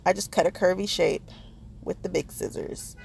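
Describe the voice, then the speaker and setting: Soft background music plays as a woman with a lowish, darkish voice and some vocal fry talks at a moderate pace. She's a crafting vlogger addressing her viewers directly, chatting through a craft project and laughing at her own mistakes.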